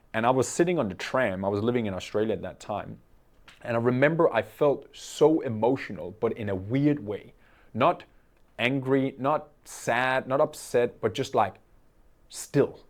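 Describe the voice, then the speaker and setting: A man's voice: on the low side, a little mellow. A young man telling a personal story to camera in an earnest way, often checking in with "okay?". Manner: earnest, with frequent "okay?" tag questions. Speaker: coach and entrepreneur.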